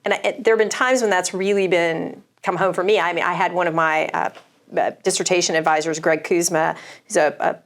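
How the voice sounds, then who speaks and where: A woman from the American South, an English professor, talking in a relaxed discussion with many fillers and restarts. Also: fairly low pitch, fairly quick. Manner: thoughtful, hesitant with fillers and restarts. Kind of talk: casual discussion.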